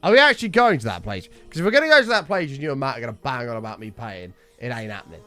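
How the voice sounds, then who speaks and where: A man's voice: medium pitch, very animated, rapid-fire, pushed and bright, faint music behind. A young man streaming, telling a rambling story and chatting casually, swearing freely. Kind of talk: casual livestream chat.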